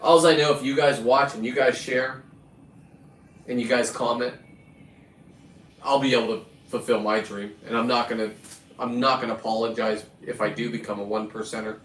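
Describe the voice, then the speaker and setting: A man's voice: mid-range voice, steady tone, normal speed, long pauses, a bit bright, slight background noise. A middle-aged man rambling through a profane, boastful story as host of his own videos. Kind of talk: rambling casual monologue. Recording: echoey and distant with faint ambience.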